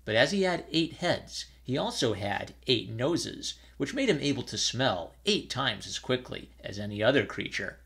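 A man's voice: medium pitch, very animated, moderate pace, gravelly, hardly any pauses, fairly bright tone, breathy edge. Man reading an old fairy tale. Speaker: storyteller.

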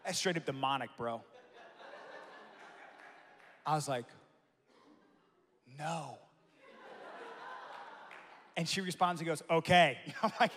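A male pastor preaching a sermon, swinging between loud emphatic lines and soft hushed asides. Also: fairly high pitch. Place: large church hall. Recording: long hall reverb.

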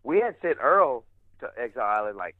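A man's voice: mid-range voice, a little fast, dry recording, narrow, tinny audio. A man telling wild stories as a podcast guest, casually, with lots of swearing. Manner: animated, swearing, acts out other voices. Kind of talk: casual storytelling.

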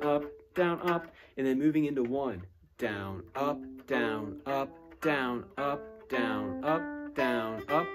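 A man giving a guitar student recorded feedback in a relaxed way, with many fillers, counting picking strokes aloud and humming rhythms. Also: mid-range voice. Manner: hums and scats rhythms while demonstrating. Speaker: guitar teacher. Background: guitar playing between phrases.

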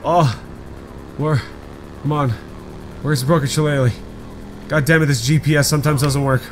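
A man doing excitable let's play commentary, rambling and swearing often. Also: fairly high pitch, normal speed, slight background noise. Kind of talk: gameplay commentary.

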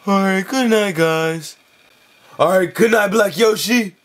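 A man's voice: sits high, unhurried, fairly bright tone. A man voicing a cocky male bird gang leader who rambles boastfully in a puppet comedy skit. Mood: easygoing. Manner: boastful, rambling, says 'you know'.

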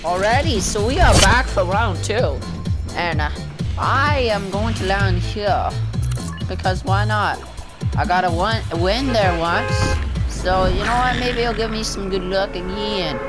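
A gameplay video creator giving casual, rambling commentary and often trailing off unsure. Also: medium pitch. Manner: rambling, unsure self-talk. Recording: loud background game noise.

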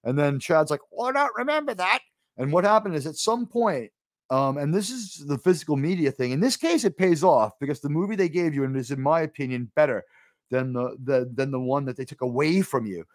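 Profane, rambling New livestream host. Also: male voice, fairly high pitch, expressive, fairly quick, no echo, studio quality. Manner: profane, digressive, wry asides to chat. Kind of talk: casual rambling livestream chat.

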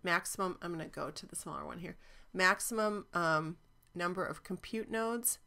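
A woman's voice: on the low side, normal speed, vocal fry, bright, forceful tone. A woman teaching cloud databases in a chatty, enthusiastic screen-recorded walkthrough, with frequent ums.

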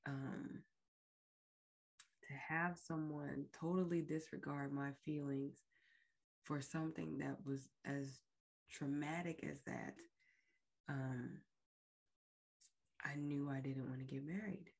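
Slow, low-voiced woman telling her story. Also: steady tone, vocal fry, darkish tone. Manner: slow, emotional, frank retelling. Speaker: podcast host. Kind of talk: personal storytelling.

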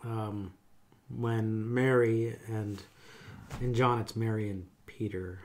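Halting, thoughtful male chaplain. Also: fairly low pitch, steady tone, darkish tone. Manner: thoughtful, halting, many fillers. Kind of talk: casual conversation.

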